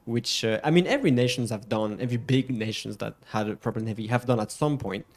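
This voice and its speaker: A man from France speaks English with a French accent in a relaxed stream chat. He leans hard on French words, stretching and repeating them like a playful teacher. His pitch sits mid-range. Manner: playful, drawn-out emphatic pronunciations. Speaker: co-host. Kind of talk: casual stream chat and pronunciation lesson.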